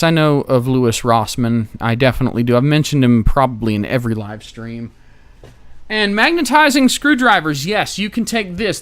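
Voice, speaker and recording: American guy on a repair stream, kinda high voice, sarcastic, cusses, just rambling while he works. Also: a bit bright. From United States. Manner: casual, wry and profane, thinking aloud while working. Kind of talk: live-stream repair commentary.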